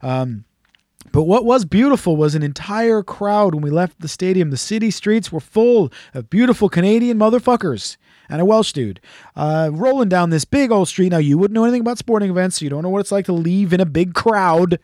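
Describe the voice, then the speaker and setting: A man's voice: high-pitched, lively intonation, brisk, a little mellow, no echo, studio quality. A man hosting a casual chat, telling a rambling, profane, jokey story. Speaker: podcast host.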